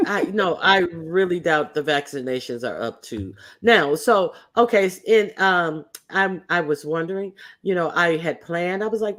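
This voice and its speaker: A woman's voice: on the low side, moderate pace, hardly any pauses, a bit bright. A woman hosting a casual livestream, swearing freely and speaking bluntly. She trips over fillers and restarts as she rants. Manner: hesitant, lots of fillers and restarts; sassy, blunt, profane. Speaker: livestream host.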